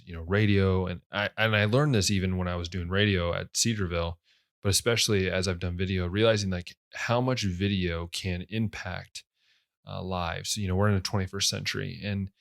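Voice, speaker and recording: A young man with a low radio voice hosts his own podcast, talking in a loose, casual ramble. He speaks in a very deep register, full of fillers and restarts. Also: a bit bright. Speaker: podcast host. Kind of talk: casual solo podcast talk.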